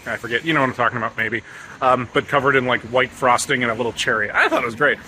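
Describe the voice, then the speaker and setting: Quick-paced and lively in intonation, a U.S. travel vlogger speaks in a mid-range voice with a sharp tone over a faint hiss or hum. He's out on town streets doing a casual walking vlog, chatty and joking, with plenty of fillers.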